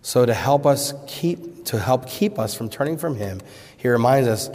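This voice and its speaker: A man delivers a sermon in a mid-pitched voice, pressing his listeners with loud rhetorical questions before dropping to hushed, urgent pleas. His voice trails off into the long reverb of a large church hall. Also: lively intonation, moderate pace. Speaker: pastor.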